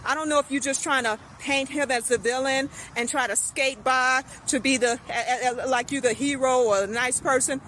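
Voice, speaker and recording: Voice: high voice, steady tone, normal speed, hardly any pauses, pushed and bright, a little hiss or hum, rough recording. A speaker lecturing straight to camera in a repetitive, emphatic rant. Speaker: social media commentator. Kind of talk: direct-address rant to camera.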